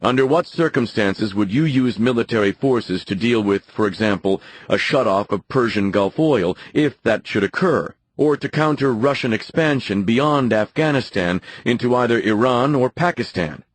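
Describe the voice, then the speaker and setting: A man's voice: medium pitch, animated, normal speed, hardly any pauses, dry recording, lightly acted, rough recording. A man reading the lines of a balding older male newspaper editor who questions pointedly and stresses his words. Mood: stern. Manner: stern questioning, emphatic.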